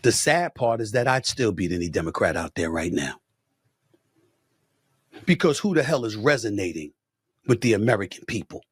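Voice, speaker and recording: A man ranting as a talk-show host, loud and emphatic, repeating himself for force. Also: lowish voice, sing-song, moderate pace, pauses often, breathy edge, no echo. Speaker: sports commentator and show host. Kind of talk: heated talk-show rant.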